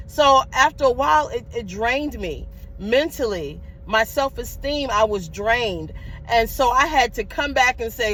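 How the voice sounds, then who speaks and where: A middle-aged woman host telling a personal self-care story in a candid, animated way, ending on emphatic encouraging questions. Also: on the high side, measured pace, slight background noise, low-quality recording. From Florida, USA. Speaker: podcast host. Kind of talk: personal motivational talk.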